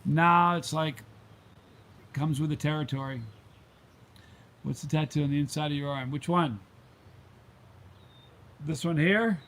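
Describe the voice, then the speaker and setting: A man's voice: fairly high pitch, unhurried, pauses often, fairly bright tone, slight background noise. A middle-aged man hosting his channel's live stream, chatting casually with viewers and drifting off into rambling stories. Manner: rambling, easily sidetracked storyteller. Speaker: channel host reading live chat.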